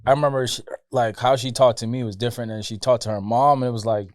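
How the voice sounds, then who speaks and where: A man's voice: mid-range voice, quick pace, no room sound, studio quality. A young man from a Jamaican background, co-hosting a podcast in casual chat and telling stories. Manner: animated, laughing banter. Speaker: podcast co-host.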